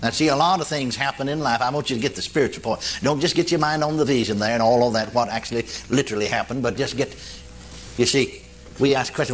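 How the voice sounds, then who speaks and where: A man preaching a recorded radio sermon, dramatic and emphatic, his pitch jumping up on questions and repeated phrases. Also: quick pace.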